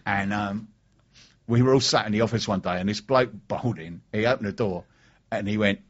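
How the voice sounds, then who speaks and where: A man's voice: on the low side, fairly quick. A man hosting a radio talk show in a chatty, jokey way, welcoming guests and reading out messages. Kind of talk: casual radio chat. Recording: dull lo-fi radio recording.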